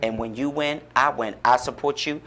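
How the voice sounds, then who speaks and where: Man, radio guest, fervent, preacherly, encouraging, mid-pitched voice. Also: steady tone, moderate pace, sharp tone. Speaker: guest, author and pastor-like speaker. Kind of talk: radio interview, inspirational talk. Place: radio studio.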